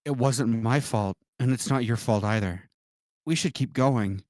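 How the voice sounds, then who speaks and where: A man's voice: medium pitch, measured pace, darkish tone, no echo, clean studio sound. A male streamer on a live stream, talking in a pushy, demanding, mocking way.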